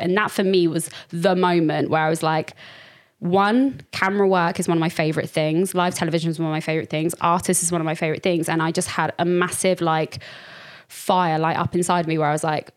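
A woman's voice: on the low side, flat delivery, brisk. A young woman, a dancer, chatting as a podcast guest and acting out her own past thoughts as she tells stories. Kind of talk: casual interview chat.

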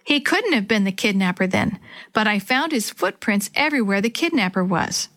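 A woman's voice: mid-range voice, expressive, moderate pace, a bit bright, natural voice. A woman voicing a determined young girl detective in a children's story, earnest and eager.

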